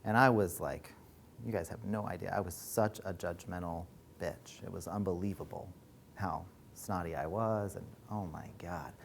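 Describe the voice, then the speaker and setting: A man leading a workshop as coach, telling candid personal stories in a frank, animated way, swearing freely and laughing as he talks. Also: deep voice, moderate pace, gravelly, slight background noise. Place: workshop room.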